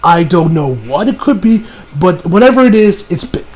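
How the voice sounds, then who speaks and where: A young man with a high, light voice recaps an anime episode in loose, rambling chat. He gets excitable, swears freely and fills his talk with "you know". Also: normal speed, low-quality recording. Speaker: anime reviewer.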